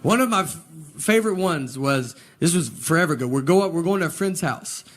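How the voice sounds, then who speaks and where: A man performing a stand-up comedy set, telling stories in a slow deadpan way with hesitant pauses. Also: fairly high pitch, crowd noise. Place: live comedy venue with audience. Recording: live show with audience laughter and background noise.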